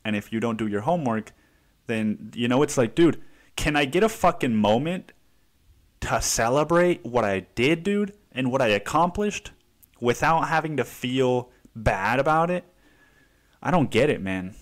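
Man, podcast host, casual solo rant, profane, rambling, exasperated, middle pitch, says "dude" a lot. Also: lively intonation, moderate pace. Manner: exasperated, restarts sentences.

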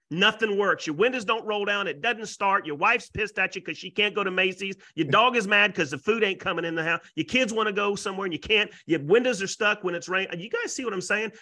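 A man, a realtor and YouTuber, pitching as a guest speaker on a webinar with excitable, salesy energy and folksy exaggeration. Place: Florida.

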